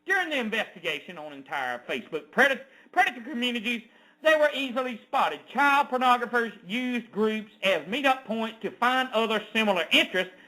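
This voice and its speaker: Reading a news article aloud, a man rants as an online commentator, expressive and a little fast, with indignant, sarcastic outbursts that go from loud to low. It's a rough recording.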